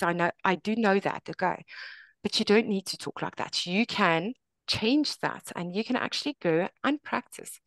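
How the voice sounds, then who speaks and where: A woman's voice: medium pitch, normal speed, fairly bright tone, dry recording. A woman presenting a workshop on teaching English, chatty, often saying "okay" between points.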